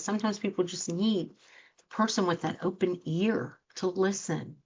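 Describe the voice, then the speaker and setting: A woman's voice: fairly low pitch, steady tone, moderate pace. A woman life coach giving an earnest motivational talk to listeners, acting out quoted reactions as she speaks. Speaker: life coach and show host. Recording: dull lo-fi sound.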